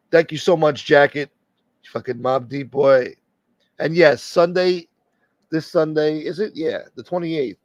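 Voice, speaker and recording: A man's voice: medium pitch, dry recording, lo-fi sound. Profane joking man hosting a livestream. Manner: profane, joking, reading out viewer names. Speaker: livestream host. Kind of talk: casual live-stream chat.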